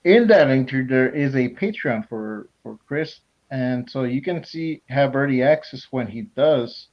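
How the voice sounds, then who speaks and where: A man's voice: mid-range voice, expressive, a little slow. A man co-hosting a podcast, talking casually from his phone with short, offhand remarks. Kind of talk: casual chat. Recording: dull lo-fi phone audio.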